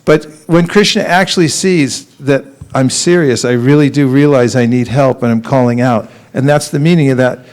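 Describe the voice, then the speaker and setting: A temple teacher gives a relaxed sermon in a mid-range voice, telling stories with laughter and acting out quotes. At times he slowly chants a mantra.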